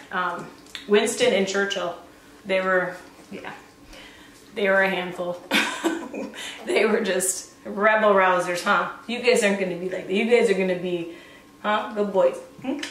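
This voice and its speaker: A woman's voice: fairly even intonation, normal speed. Woman, dog breeder, casual vlog chat, coos in baby talk, faint room noise. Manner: chatty, coos at puppies in high baby talk. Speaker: dog breeder showing a puppy litter. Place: indoor room with the puppies. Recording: roomy, distant camera sound.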